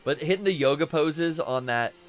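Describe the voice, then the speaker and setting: A man's voice: on the high side, expressive, normal speed. A man co-hosting a gaming stream, chatting casually and joking around. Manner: joking, loose. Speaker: stream co-host. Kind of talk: casual chat.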